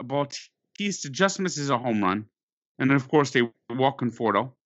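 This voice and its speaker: A man telling a sports story in an exasperated, animated way, stumbling over his words and restarting often. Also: fairly high pitch, no room sound. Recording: dull lo-fi dry recording.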